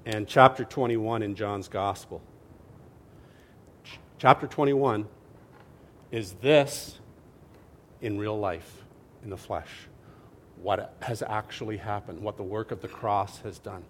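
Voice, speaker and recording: A man preaching a sermon as a lively storyteller, swinging from loud to hushed and often asking his listeners "right?". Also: on the low side, slow, pauses often, slight background noise. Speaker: pastor.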